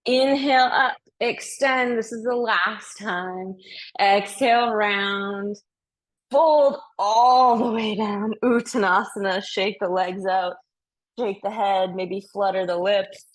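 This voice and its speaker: A woman's voice: mid-range voice, steady tone, takes it slowly. A young woman leading a yoga class, calling out breaths and poses in an upbeat, playful way, slightly out of breath. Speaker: yoga instructor. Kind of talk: guided yoga class instruction.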